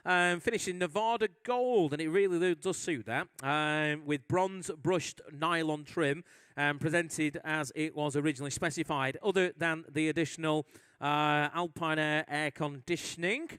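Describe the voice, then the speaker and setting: Smooth-voiced male auctioneer calling bids. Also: fairly high pitch, a bit bright, no echo. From England. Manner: brisk bid-calling with teasing asides. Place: auction hall at a live sale.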